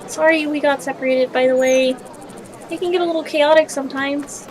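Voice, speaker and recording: A woman voicing an excitable, gossipy schoolgirl friend who gushes out questions. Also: sits high, brisk, pitched above the performer's own voice, close to an everyday voice, low-quality recording. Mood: gushing. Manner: gushing and breathless with questions.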